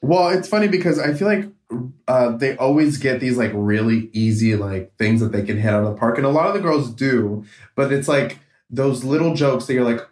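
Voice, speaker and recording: A man's voice: medium pitch, brisk, a little mellow, faint music behind. A man in casual podcast chat, talking loosely with lots of "like" fillers. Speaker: podcast guest or co-host. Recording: roomy, distant from the mic.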